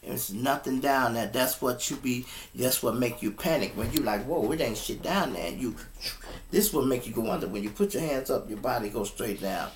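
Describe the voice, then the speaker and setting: A man casually telling a story to his listeners, animated and profane, often calling them y'all, speaking at his computer setup. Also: medium pitch, normal speed, a little hiss or hum.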